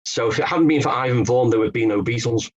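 A man's voice: mid-range voice, fast talker, dull audio. A man from England, a guest author telling stories in an interview, hesitant with many restarts. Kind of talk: conversational interview.

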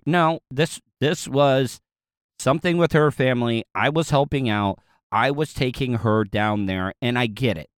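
A man's voice: mid-range voice, lively intonation, moderate pace, a bit bright, clean tone, no room sound, studio quality. A man with a Southern US accent telling a casual, rambling story to his viewers, with lots of fillers, restarts and chuckles.

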